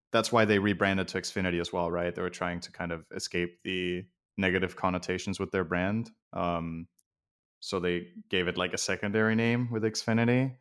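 A man's voice: deep voice, fairly even intonation, moderate pace, smooth. A man from Denmark on a casual stream chat, blunt and opinionated, swearing freely.

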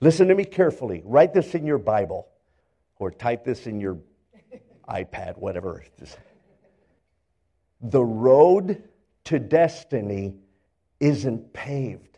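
An older male pastor preaching a sermon, telling stories in animated fashion and acting out the characters, often repeating words as he builds up. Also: mid-range voice, slow pace, pauses often, lo-fi sound. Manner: animated storytelling, acts out characters, stammers repeats.

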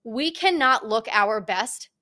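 A woman's voice: a little high, takes it slowly. A young woman hosting a casual solo podcast, talking frankly and animatedly, swearing freely. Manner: blunt, frank and profane, animated. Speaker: podcast host.

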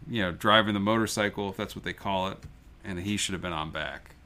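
Man, low voice, forceful bright tone, rambling jokey podcast banter. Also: a little fast. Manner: rambling, jokey, laughs often. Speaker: podcast co-host. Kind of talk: casual movie podcast banter.

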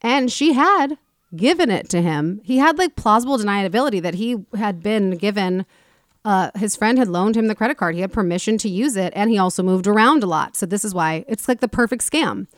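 A woman hosting a casual talk show, retelling a story in an animated way and acting out the people in it. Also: medium pitch, a little fast, no echo, studio quality. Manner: animated retelling, acts out quoted people with swearing. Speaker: podcast host.

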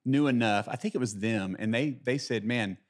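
A man who is a guest on a podcast, telling a story in a rambling, halting way, with many restarts. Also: medium pitch. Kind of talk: casual interview chat.

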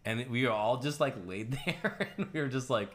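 A man co-hosting a podcast, telling a long story in a rambling, casual way, full of "like" and quick laughs. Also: medium pitch, lively intonation, fairly bright tone. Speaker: podcast co-host.

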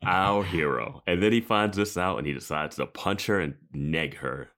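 A man with a very deep voice co-hosts a casual podcast. He laughs often and drifts off into side stories while he talks. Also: moderate pace, a bit bright. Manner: laughs often, wanders into asides. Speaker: podcast co-host. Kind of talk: casual recap chat.

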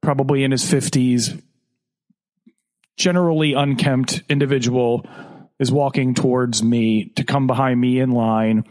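A man co-hosting a podcast, telling a story in a lively way, acting out quotes and laughing often. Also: mid-range voice, unhurried. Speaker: podcast co-host. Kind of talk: casual podcast chat and storytelling.

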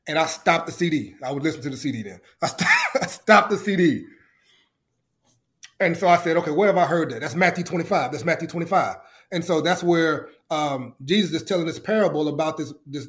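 A man and youth coach, a podcast guest, telling a faith story with excited, emotional, preacher-like repetition. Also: on the high side. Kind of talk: testimony-style storytelling.

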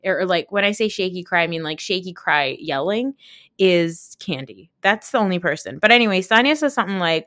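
A woman podcast host recapping a reality show in a casual, chatty way, with lots of fillers and quick asides. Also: mid-range voice, lively intonation, fairly bright tone, no echo, clean studio sound.

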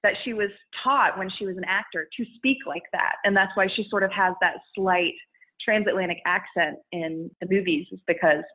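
A young woman, a content creator, is a guest in a casual interview about making videos, heard through a narrow, phone-like recording. Her voice is medium in pitch and normal in speed, and she laughs often and restarts her thoughts.

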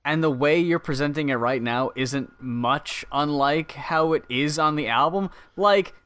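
A man co-hosting a casual chat about an album, relaxed, swearing, and backing up his co-host. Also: on the high side, unhurried. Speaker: podcast co-host.

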